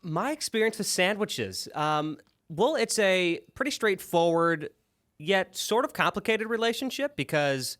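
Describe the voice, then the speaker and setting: A man's voice: sits high, lively intonation, unhurried, fairly bright tone. A man co-hosting a podcast, talking in an easygoing, rambling way with hesitations. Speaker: podcast co-host. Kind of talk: casual chat.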